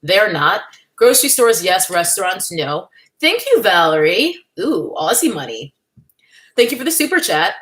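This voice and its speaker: A woman's voice: medium pitch, sing-song, normal speed, fairly bright tone. A young woman hosting a casual livestream from home, chatty and wry, laughing often and greeting viewers by name. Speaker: livestream host. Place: at home in California.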